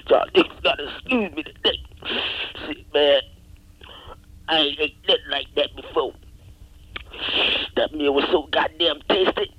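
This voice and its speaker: A man's voice: fairly high pitch, measured pace, pauses often, fairly bright tone, husky, dry recording, low-quality recording. A man doing a profane, exaggerated comedy monologue, rambling and often dropping to a whisper. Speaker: comedic storyteller.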